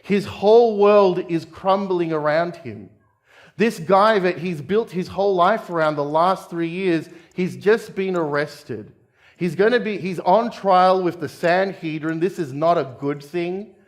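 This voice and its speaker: Brief: Australian man, pastor type, casual but earnest sermon delivery, voice sitting a touch high. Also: measured pace. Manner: conversational, addresses listeners as guys and friends. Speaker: preacher. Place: church.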